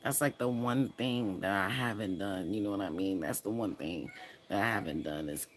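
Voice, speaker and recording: A woman talking on her own live stream in a rambling, halting way, often repeating herself. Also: extremely low pitch, a little hiss or hum. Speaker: livestreamer. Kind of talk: emotional live stream chat.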